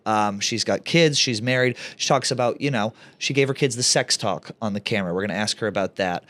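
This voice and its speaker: A man's voice: on the low side, fairly quick, a bit bright. A man co-hosting a comedy podcast in a campy, teasing, casual way. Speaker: podcast co-host.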